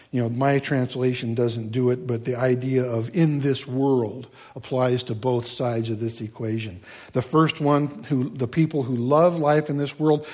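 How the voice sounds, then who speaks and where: A man's voice: medium pitch, a little mellow. A man preaching a sermon in a conversational, folksy way, with asides and rhetorical questions. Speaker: pastor.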